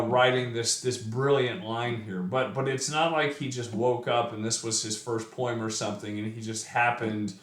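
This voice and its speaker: A man talks slowly through a poem in a casual lesson, stopping often with fillers and restarting his sentences. His voice sits at a middle pitch. The recording has a roomy echo around it. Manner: relaxed, thinking aloud with fillers and restarts. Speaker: poetry teacher. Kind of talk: informal poetry lecture.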